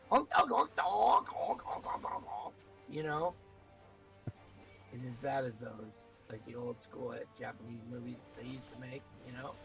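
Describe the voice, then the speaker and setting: A man's voice: mid-range voice, rough recording. A man streaming a video game, chatting casually and at length with a co-player. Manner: rambling, chatty, talks with a co-player. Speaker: streamer playing an online game. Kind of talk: casual chat while gaming.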